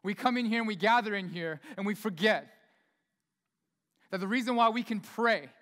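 High-voiced casual preacher in a reverberant church. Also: male voice, normal speed, a bit bright. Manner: casual, chatty preaching with many asides. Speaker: pastor. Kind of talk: sermon. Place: church sanctuary. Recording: long hall reverb in a church.

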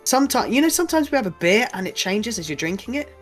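A young man with a British accent chats loosely as co-host, wandering through his thoughts with casual swearing and easy laughs. His voice sits a little high, and soft music plays faintly behind him. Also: sing-song, fast talker. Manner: rambling, chatty, swears casually, laughs often. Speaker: podcast co-host. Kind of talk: casual chat.

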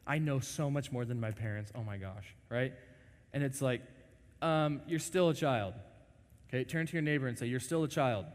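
A man in his twenties preaching a lively, joking sermon to a congregation, often acting out quoted voices. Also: mid-range voice, normal speed. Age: 20s. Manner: animated, jokey, acts out quoted voices. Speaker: pastor. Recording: long reverb of a large hall.

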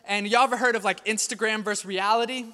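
A man in his thirties, a pastor preaching a sermon in a conversational, animated storytelling way. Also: sits high, fast talker. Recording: long hall reverb.

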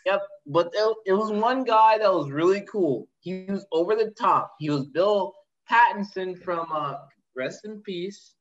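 A man chatting on a podcast, telling a filmmaking story with lively acted-out quotes. His voice sits in a middle range. The recording sounds a little dull and lo-fi. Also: high-pitched, a little slow, hardly any pauses. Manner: animated storyteller, acts out quotes. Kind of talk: casual podcast chat.

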